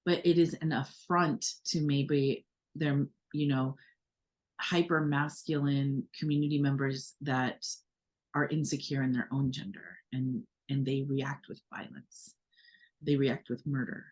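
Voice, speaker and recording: A woman's voice: rumbling low, steady tone, unhurried, a little mellow. A woman co-hosting a podcast, talking in a reflective, earnest way with many fillers and restarts. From United States. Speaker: podcast co-host. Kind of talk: casual conversation.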